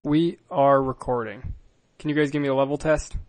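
A man's voice: medium pitch, fairly even intonation, moderate pace, a little mellow. A man hosting a podcast in casual chat, teasing his co-hosts with wry quips. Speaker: podcast host.

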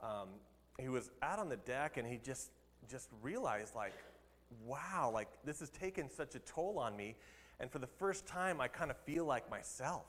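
A man's voice: mid-range voice, lively intonation, moderate pace, a bit bright. Male pastor, mid voice, chatty sermon delivery, echoing sanctuary sound. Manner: conversational, laughs at his own jokes.

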